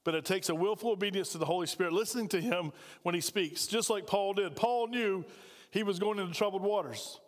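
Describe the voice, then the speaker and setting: A man's voice: high voice, fairly quick, big-room sound. A man preaching a sermon as pastor, speaking conversationally and putting questions to the congregation. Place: church sanctuary.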